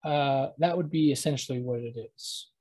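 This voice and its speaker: A teacher with a dark, mid-range voice leads a live online lesson through a computer mic while screen-sharing, and the recording quality is low. The delivery is halting as they think aloud and often stop to correct themselves.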